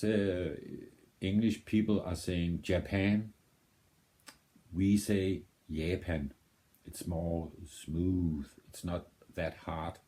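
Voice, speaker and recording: A man's voice: sits low, mellow. A man with a Danish accent, rambling through a casual reaction commentary and thinking aloud with many restarts. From Denmark. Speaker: reaction video host.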